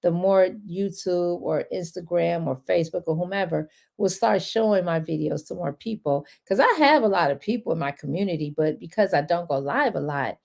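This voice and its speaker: A woman's voice: fairly low pitch, normal speed, vocal fry, few pauses, darkish tone. A woman wealth and credit coach in a casual, rambling live-stream chat, chatty and encouraging toward her viewers.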